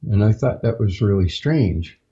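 A man, a podcast guest, recounting a personal experience in a halting, unhurried way with frequent pauses, on a dull lo-fi recording. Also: fairly low pitch, animated, dark tone. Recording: dull lo-fi sound.

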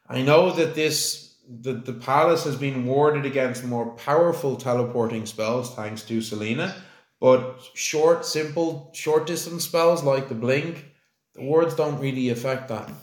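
A man's voice: mid-range voice, echoey room. A man narrating as game master of a tabletop game, rambling with many fillers.

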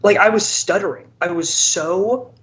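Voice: mid-range voice, unhurried, fairly bright tone. A podcast co-host in casual chat, retelling a card game match in a rambling way, with lots of restarts and stammers. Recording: dull lo-fi audio.

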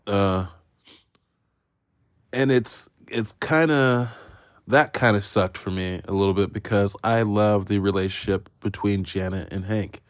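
Deep-voiced rambling podcast man. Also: measured pace, no room sound, clean studio sound. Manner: rambling, profane, self-mocking. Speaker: podcast host reviewing films. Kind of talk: casual solo film review.

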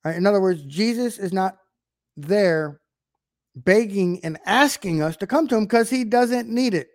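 A man's voice: high-pitched, lively intonation, unhurried, a little mellow, no echo, clean studio sound. A man giving an informal video sermon, emphatic, often checking in with rhetorical questions. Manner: emphatic, keeps asking "right?". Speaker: online preacher.

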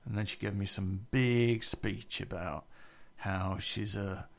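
A man with a low, gravelly voice telling a story from his own life. He speaks bluntly and casually, swearing freely all the way through. His delivery is plain and unpolished. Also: fairly even intonation, slow pace.

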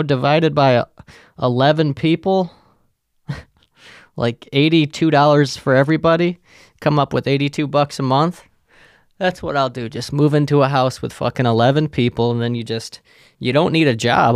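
A man's voice: mid-range voice, gravelly, clear, resonant tone, no room sound, studio quality. A man with a profane, sarcastic manner, rambling through a casual solo rant as a podcast host.

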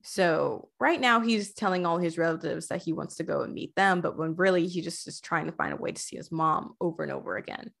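A woman's voice: fairly low pitch, fairly quick, gravelly, few pauses. Gushing woman retelling a video game. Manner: gushing, animated retelling with many fillers. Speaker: podcast guest. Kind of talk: casual podcast chat about a video game.

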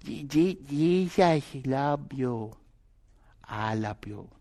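A man voicing a gentle woman who speaks slow, soft, halting broken English. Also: medium pitch, expressive. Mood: tender.

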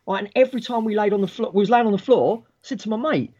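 A man in his forties telling a school story in casual chat, animated and swearing freely, acting out the people he quotes. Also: high voice, very fast, breathy edge, highs cut off.

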